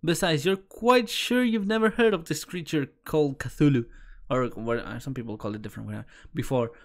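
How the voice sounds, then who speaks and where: A man's voice: fairly high pitch, fairly quick. A man streaming as he reads a webcomic aloud in a casual way, tripping over words, restarting, laughing and swearing as he goes.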